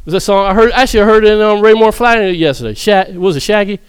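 High-voiced man preaching with humor. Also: very fast, clean tone, dry recording. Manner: humorous, laughs often, animated and conversational. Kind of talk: sermon.

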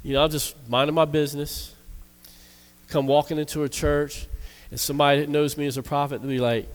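A man, a church minister, preaching a sermon that tells a personal story in a lively way, voicing the quoted lines. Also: fairly high pitch, a little fast. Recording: long reverb of a church hall.

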